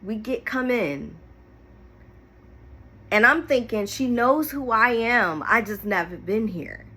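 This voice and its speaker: A woman's voice: fairly high pitch, slow pace, husky. A young woman candidly telling an emotional personal story to camera, holding back tears at times. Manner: emotional, candid, animated retelling. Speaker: storyteller vlogger.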